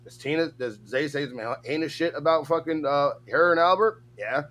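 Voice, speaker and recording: A man's voice: fairly high pitch, normal speed, a bit bright, slight background noise. A man co-hosting a show, chatting loosely and joking with lots of filler words. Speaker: podcast co-host. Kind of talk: casual chat commentary.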